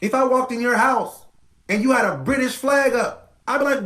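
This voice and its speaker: A man's voice: very high-pitched, moderate pace, a bit bright, echoey room, rough recording. A man hosting a podcast, delivering an impassioned commentary monologue with emphatic repetition. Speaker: podcast host.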